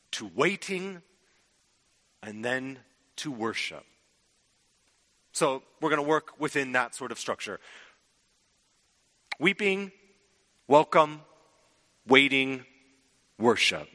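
A man preaching a sermon, swinging from loud emphasis to hushed, drawn-out words. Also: a little high. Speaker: pastor. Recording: long hall reverb.

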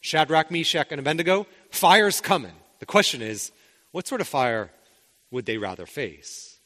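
Animated preacher in a reverberant hall. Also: male voice, on the high side, moderate pace. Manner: conversational, rhetorical questions, frequent restarts. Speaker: pastor. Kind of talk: sermon.

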